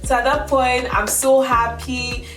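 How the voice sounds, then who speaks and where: A young woman vlogger telling a story in a chatty, animated way, acting out her own quotes. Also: high-pitched, a little slow. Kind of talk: casual storytelling. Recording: roomy echo from a distance, music behind. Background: background music.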